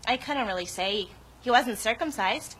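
A man's voice: very high-pitched, animated, normal speed, fairly bright tone, a little hiss or hum, pitched above the performer's own voice. A man voicing a chatty small-town young woman witness with a Minnesota accent.

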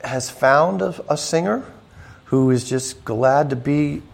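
Musician guest, male, a gravelly voice, casual animated storyteller. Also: slow pace. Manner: animated storyteller, raises pitch to imitate others. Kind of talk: casual chat.

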